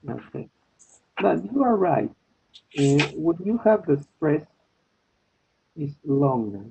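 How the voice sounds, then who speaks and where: A man teaching an online English class, slowly checking in with his students. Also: a little high, sing-song, gravelly, a little hiss or hum. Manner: slow, repeats with "okay?" and "no?" checks. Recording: tinny phone-like line.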